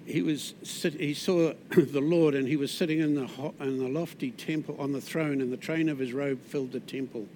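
A man with a New Zealand accent preaching a sermon in a conversational way, with asides and restarts, often dropping soft on key words. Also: on the high side, steady tone, normal speed, few pauses, a little hiss or hum.

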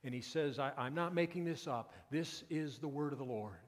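A male pastor preaching a sermon, moving from quiet, intimate passages to loud, emphatic peaks. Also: on the high side, moderate pace. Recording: long reverb of a church hall.

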